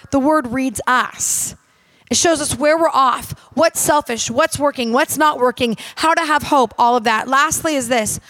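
A woman's voice: sits high, fairly bright tone, no room sound. A woman minister preaching a sermon in an emphatic, direct and conversational way, talking straight to her audience.

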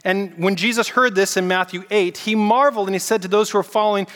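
A man preaching a casual, animated sermon and getting the congregation to repeat words back to him. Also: high voice, fast talker, in a large hall. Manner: casual, animated preaching with audience call-and-response. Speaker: pastor.

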